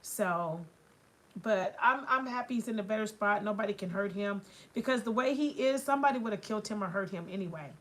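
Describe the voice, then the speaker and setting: A woman's voice: medium pitch, a little fast, fairly bright tone. A woman chatting casually in a nail salon, telling a long story in a rambling way, full of filler phrases. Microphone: phone livestream. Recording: clear nail sanding noise behind.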